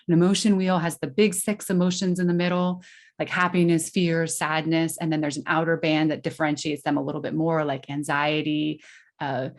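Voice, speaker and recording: A woman with a somewhat low voice speaks as a podcast guest. She explains things earnestly and conversationally, with lots of "like" and quick restarts. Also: a little mellow. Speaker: podcast guest giving parenting advice. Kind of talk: conversational interview answer.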